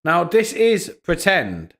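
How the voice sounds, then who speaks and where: Gravelly man mocking posts on stream. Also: high voice, wildly swooping pitch, slow pace, a bit bright. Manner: mocking, profane, frequent laughter. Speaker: live-stream host. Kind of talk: live-stream commentary on social media posts.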